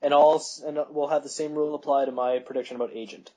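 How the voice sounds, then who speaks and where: A man's voice: fairly high pitch, fairly even intonation, fast talker, dark tone, rough recording. A young man co-hosting a podcast, rambling through school stories and laughing at his own anecdotes, with a voice that cracks. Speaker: podcast co-host. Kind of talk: casual chat.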